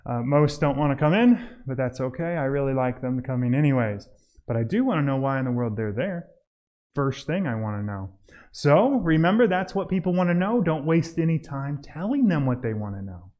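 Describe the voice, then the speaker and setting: A man teaching a church group how to make home visits, talking casually and acting out doorstep scenes in a raised, lively voice. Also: on the high side, a little fast. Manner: admits he mumbles when tired. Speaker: church outreach trainer. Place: church hall.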